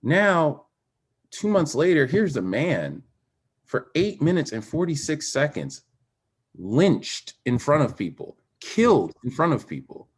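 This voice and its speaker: A man's voice: a little high, measured pace, breathy edge. Guest: man, candid storyteller, voice rising and falling widely, emphatic. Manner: animated, emphatic, swings between quiet and raised. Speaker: guest, former Olympic swimmer. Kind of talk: candid personal storytelling in conversation.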